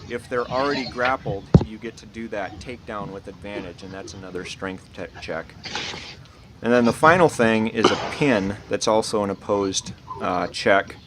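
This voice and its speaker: A man's voice: on the low side, normal speed. Rambling man running a tabletop game. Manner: relaxed, rambling with many fillers. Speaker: dungeon master. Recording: loud background noise.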